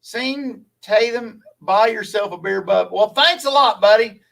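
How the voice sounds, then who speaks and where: A man's voice: high voice, measured pace, vocal fry, a bit bright, recorded from a distance, low-quality recording. A man from Louisiana with a Southern accent, chatting folksily with viewers on a live stream, rambling and laughing easily.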